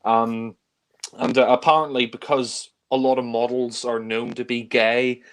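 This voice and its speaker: A man co-hosting a relaxed chat among friends rambles with enthusiasm about films. His ordinary mid-pitched voice is clear, resonant and fairly bright, delivered flatly at a measured pace.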